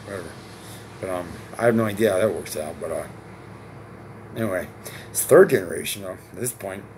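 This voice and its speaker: A man's voice: low voice, expressive, fairly quick, darkish tone, a little hiss or hum. Agitated, profane man rambling to camera. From Connecticut. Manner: agitated, profane, repeats himself, asks rhetorical questions. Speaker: vlogger.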